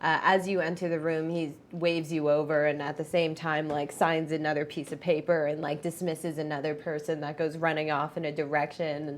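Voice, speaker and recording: A woman with a slightly low voice runs a tabletop game, describing scenes in a loose, casual way. Her narration is dotted with "like" and "um" as she sets each scene. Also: flat delivery, normal speed, few pauses, slight background noise. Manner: casual, filler-heavy narration with many "like"s. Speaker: game master.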